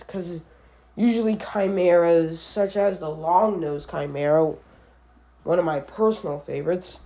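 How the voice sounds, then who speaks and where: A man giving casual commentary on animal matchups, halting and often correcting himself, with offhand musing asides. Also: high-pitched, warm tone. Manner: halting, with frequent restarts and self-corrections. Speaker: animal video creator.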